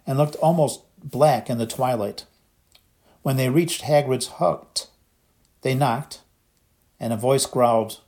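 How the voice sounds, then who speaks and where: A man reads an audiobook aloud in a mid-range voice. His storytelling is steady and measured, and the narration is scripted.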